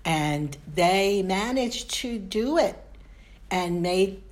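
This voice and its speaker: A woman's voice: mid-range voice, expressive, extremely slow. A woman with a New York accent co-hosting a podcast in casual, chatty, self-mocking talk. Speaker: podcast co-host. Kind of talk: casual chat.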